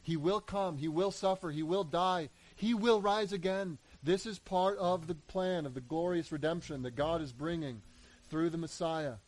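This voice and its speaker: Man, pastor preaching, fairly high voice, animated, emphatic build-ups. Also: normal speed, poor audio. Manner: animated, acts out Peter's rambling, builds to emphatic peaks. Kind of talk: sermon.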